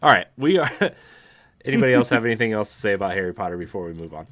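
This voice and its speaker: A man's voice: fairly low pitch, animated, quick pace, fairly bright tone, no room sound. A man hosting a casual gaming podcast, steering the chat and reading news headlines aloud. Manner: steers the talk, reads news items aloud. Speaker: podcast host.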